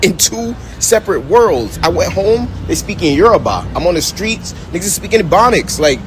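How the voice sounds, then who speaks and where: A man's voice: high voice, big pitch swings, moderate pace, background noise. A man from the United States speaking in a casual vlog rant, direct and exasperated.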